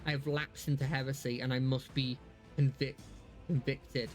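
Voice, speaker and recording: A man's voice: mid-range voice, little pitch movement, moderate pace, faint music behind, close to an everyday voice. A man reading aloud the lines of a ruthless, cruel woman judge in a game, in a solemn, formal way. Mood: repentant.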